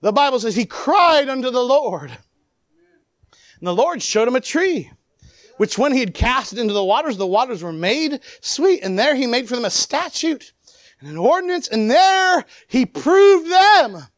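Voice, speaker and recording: A high-pitched preacher whose voice leaps up and down through an animated sermon. The delivery swings from loud calls to quiet asides and acts out the people in the story. The sound is close and dry, with no room echo. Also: a little slow.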